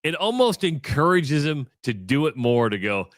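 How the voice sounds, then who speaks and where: A man's voice: a little high, big pitch swings, moderate pace, fairly bright tone, no room sound, studio quality. A man co-hosting a sports radio show, chatting casually and joking, sometimes tripping over his words. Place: radio studio.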